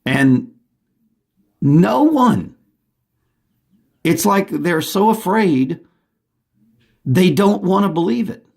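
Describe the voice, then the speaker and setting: A man's voice: high voice, expressive, slow, vocal fry, long pauses, darkish tone. A man delivering an urgent, agitated monologue from home, often restarting his sentences. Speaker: vlogger. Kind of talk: rambling monologue to camera.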